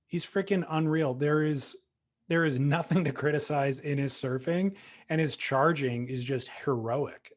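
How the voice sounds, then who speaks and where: Enthusiastic male podcast co-host. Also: mid-range voice. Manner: enthusiastic, teasing banter. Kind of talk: casual chat.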